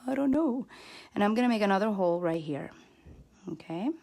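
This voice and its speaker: A woman's voice: mid-range voice, expressive, fairly quick, gravelly, mellow, a little hiss or hum. A woman hosting a card-making channel, chatting while she works and answering viewers' comments, speaking English that is not her first language. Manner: chatty and self-deprecating, talks while working. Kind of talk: live crafting demo, reading viewer comments.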